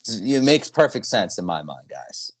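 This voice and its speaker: A man's voice: lowish voice, very animated, measured pace. A young man hosting a podcast, chatting casually and rambling with plenty of fillers and trailing thoughts. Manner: rambling, hesitant, lots of fillers. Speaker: podcast host. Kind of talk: casual chat.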